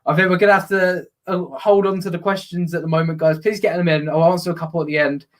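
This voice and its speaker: A man hosting a live football watch-along, chatting and breaking into excited commentary. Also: sits high, fast. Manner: excitable, bursts into loud commentary on goals.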